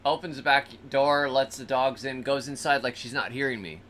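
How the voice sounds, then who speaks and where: A man hosting a show talks at a medium pitch and moderate pace, with slight noise in the background. His storytelling is relaxed and animated, full of funny voices for the people and animals he describes.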